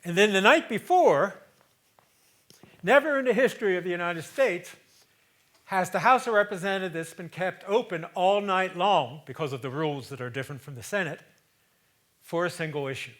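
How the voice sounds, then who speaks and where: Man in his 70s, solo stage monologue, slightly high voice, conversational, loud then hushed. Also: normal speed. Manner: conversational, swings between loud emphasis and hushed asides. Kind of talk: theatrical storytelling monologue. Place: theater stage.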